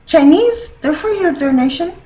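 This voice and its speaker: A woman's voice: sits high, lively intonation, normal speed, warm tone, low-quality recording. A woman vlogger talking in a casual, rambling monologue, laughing often and using many fillers.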